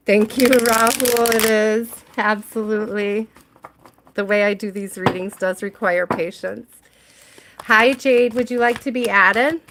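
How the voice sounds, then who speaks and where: A woman's voice: mid-range voice, noisy background. An American woman hosting a tarot livestream, chatting with viewers and reading out their names. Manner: chatty, reads out viewer names, laughs often. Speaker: tarot reader and livestream host. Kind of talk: casual livestream chat with viewers.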